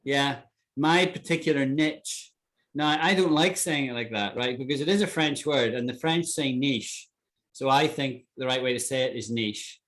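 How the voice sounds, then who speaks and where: A man's voice: mid-range voice, fairly quick, hardly any pauses, a bit bright. Man, English teacher, online class, explanatory, checks in often. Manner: explains with many "right?" checks.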